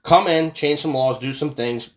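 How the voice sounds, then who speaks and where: An American man hosts a casual podcast, ranting angrily and profanely about politics. His voice runs a little high at a normal speed, and when he gets worked up he bursts into sarcasm and repeats words.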